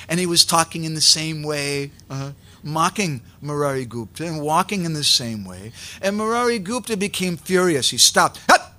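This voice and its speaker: Bright-voiced male preacher telling a story. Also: a little high. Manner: animated storytelling, acts out characters. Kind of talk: sermon storytelling.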